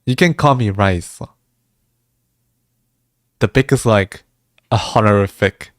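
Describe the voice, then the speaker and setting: A man's voice: medium pitch, slow pace, dry recording, studio quality. A man chatting casually with viewers during a livestream, laughing often and restarting his words as he goes. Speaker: music streamer.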